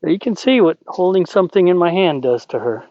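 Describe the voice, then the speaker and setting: A man working as a horse trainer, calmly explaining while talking gently and soothingly to a horse outdoors. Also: high voice, a little fast, no room sound, highs cut off. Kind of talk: training commentary.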